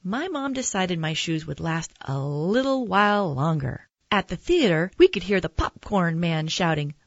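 A woman reading a children's picture book aloud in a gentle, expressive storytelling manner. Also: on the low side, normal speed, few pauses, no echo, muffled recording. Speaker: narrator.

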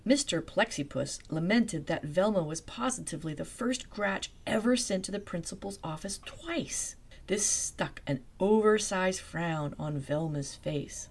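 A woman softly narrating a bedtime story, hushed and dreamy, sometimes dropping to a whisper. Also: fairly low pitch, expressive, a little slow.

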